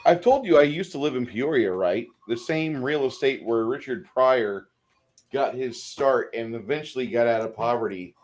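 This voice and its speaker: A man's voice: mid-range voice, lively intonation, moderate pace, darkish tone. A man chatting casually who shares laid-back anecdotes. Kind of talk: casual chat.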